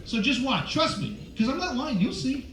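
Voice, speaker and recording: A male comedian doing a stand-up set on a cruise ship stage, teasing the crowd loudly, with sudden jumps in pitch. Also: very animated, normal speed, music in the background. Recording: echoey, distant, dull with crowd noise. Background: audience noise.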